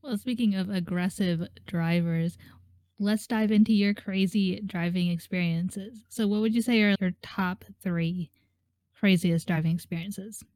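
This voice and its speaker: A woman co-hosting a relaxed conversation, talking in a friendly, chatty way. Her voice is mid-pitched and sounds dry and close. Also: measured pace, no room sound. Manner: chatty, laughs while talking. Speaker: co-host. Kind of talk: casual chat.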